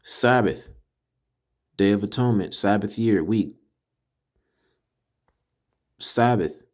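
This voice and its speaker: Slow, emphatic man teaching a class. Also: fairly low pitch, a little mellow. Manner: slow, deliberate, repeats and sounds out syllables; emphatic and corrective. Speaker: teacher of a religious language class. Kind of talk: casual spoken lesson.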